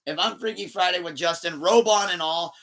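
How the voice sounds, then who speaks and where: A man hosting a casual podcast, telling stories in an animated way, laughing often and swearing freely. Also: sits high, fairly quick. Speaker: podcast host.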